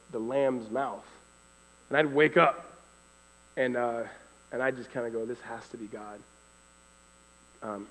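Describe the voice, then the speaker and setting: Animated man telling a story in a hall. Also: mid-range voice. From California. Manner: animated, acts out voices, laughs often. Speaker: storyteller giving a faith testimony. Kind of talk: live storytelling testimony.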